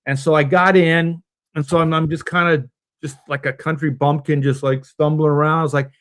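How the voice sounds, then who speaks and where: A middle-aged man tells a rambling personal story on a video call. His voice sits a bit high for a man. He drops into quick impressions of the people in his tale. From Southern California. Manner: animated anecdote teller, acts out quoted voices. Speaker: comic book artist guest on a panel stream.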